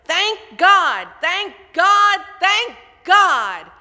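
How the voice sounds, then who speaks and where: A woman voicing a panicked lost man on a runaway horse, shouting in a sermon story. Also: extremely high pitch, big pitch swings, extremely slow, long reverb tail, voice pushed up, full character voice. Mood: frantic. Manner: shouting, then gasping.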